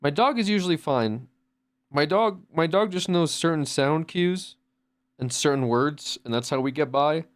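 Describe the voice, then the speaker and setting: A man's voice: on the high side, lively intonation, moderate pace. A man streaming from home, chatting casually in a rambling way with lots of restarts and swearing. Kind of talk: casual chat.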